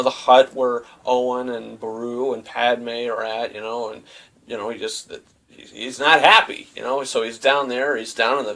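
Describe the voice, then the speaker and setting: A young man casually reviewing a movie, retelling scenes in a rambling, animated way with lots of fillers. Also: medium pitch, rough recording.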